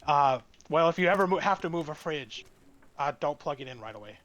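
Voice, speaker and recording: Halting man telling a story. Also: a little high, expressive, a bit bright, lo-fi sound, a little hiss or hum. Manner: halting, many fillers and restarts. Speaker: streamer guest. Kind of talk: casual storytelling.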